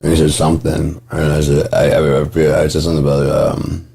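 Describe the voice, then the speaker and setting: A man talking in a gentle, rambling monologue, swearing freely and chuckling often. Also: very deep voice, completely flat delivery, fairly quick, creaky, slightly rough. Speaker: vlogger.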